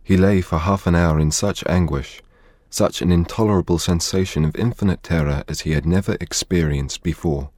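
A male audiobook narrator reads in a measured, dramatic style. His voice is very deep and slightly husky, recorded dry and close with no room around it. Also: fairly even intonation, a little mellow, no room sound.

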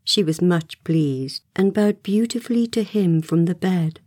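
A woman reads a storybook aloud with a low, mellow voice. Her delivery is gentle and expressive, now and then slipping into a soft whisper. The recording is close and dry, with no room sound. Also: unhurried, dry recording. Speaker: audiobook narrator. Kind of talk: scripted storybook narration.

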